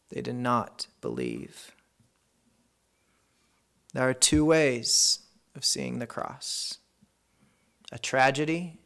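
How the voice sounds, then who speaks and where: Man, pastor, sermon, dramatic scripture reading, middle-pitched voice, slows for emphasis, drops to hushed tones.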